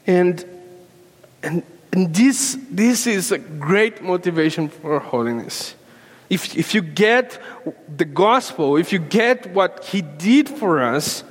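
Slow-preaching man in a reverberant hall. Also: sits high, animated, husky. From Peru. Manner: earnest, repeats phrases, rising to fervent emphasis. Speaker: pastor. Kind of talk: sermon. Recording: long reverb of a large room.

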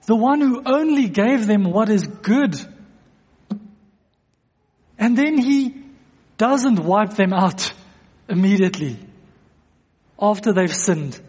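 A man's voice: high-pitched, expressive, takes it slowly, long pauses, a little mellow, husky. A man preaching a sermon to a congregation, earnest, repeating phrases for emphasis. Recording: long echo of a church hall.

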